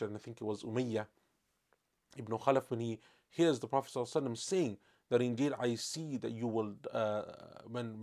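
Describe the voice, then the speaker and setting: A man gives a religious lesson at a brisk pace in a mid-pitched voice. He tells stories and puts energy into the lines he quotes. He recites Arabic verses at speed. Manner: storytelling, acting out quoted speech with lively emphasis; recites Quranic Arabic quickly. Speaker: Islamic teacher.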